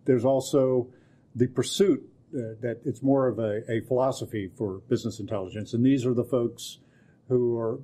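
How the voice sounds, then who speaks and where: A man in his forties co-hosting a podcast, with deadpan humor, giving long explanations in casual chat. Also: medium pitch, normal speed. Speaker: co-host and technology partner.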